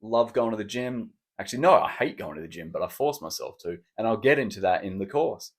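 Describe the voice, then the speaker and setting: A man's voice: fairly low pitch, animated, a little fast. A man hosting a solo podcast, chatting in a rambling, cheeky, self-mocking way. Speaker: podcast host. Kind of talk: casual solo podcast chat.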